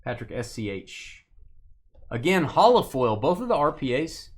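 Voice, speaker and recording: Animated man hosting a card break. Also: medium pitch, moderate pace. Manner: joking, teasing viewers by name. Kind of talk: live sports card break commentary.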